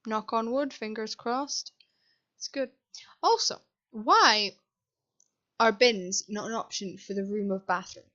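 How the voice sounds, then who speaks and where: A woman's voice: on the high side, slow, pauses often, sharp tone, muffled recording. A young woman from Britain, a university student, chatting casually and rambling in a self-deprecating way over a game build. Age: young adult. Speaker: sims builder voiceover. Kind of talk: casual voiceover chat. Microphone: desk microphone.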